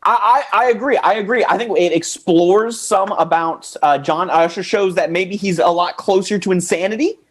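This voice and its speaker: A man's voice: sits high, moderate pace, few pauses. A man improvising a comedy writers' room scene, agreeable and rambling.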